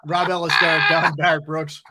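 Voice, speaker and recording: A man's voice: on the high side, little pitch movement, a little fast, vocal fry, noisy background. A man hosting a casual sports talk show over a video call, chatty and easygoing.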